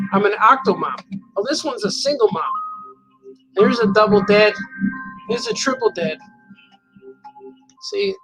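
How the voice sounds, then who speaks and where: A man's voice: high-pitched, rough recording. A man telling a rambling, playful anecdote in a casual monologue, often chuckling. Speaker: cartoonist telling a story.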